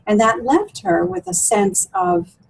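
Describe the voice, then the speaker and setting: A woman's voice: fairly high pitch, big pitch swings, a little slow, creaky, breathy edge, low-quality recording. A woman coach for women, talking through client stories in an interview with many fillers and restarts. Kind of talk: interview conversation.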